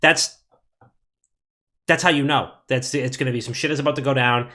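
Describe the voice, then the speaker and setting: A man's voice: medium pitch, steady tone, normal speed, sharp tone. A man hosting a podcast and telling a rambling, profane story in casual chat. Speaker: podcast host.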